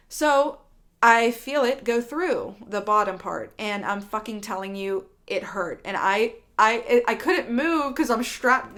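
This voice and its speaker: A woman's voice: medium pitch, fairly bright tone. A young woman vlogger telling a candid storytime, rambling and swearing freely with lots of fillers. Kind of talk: storytime vlog.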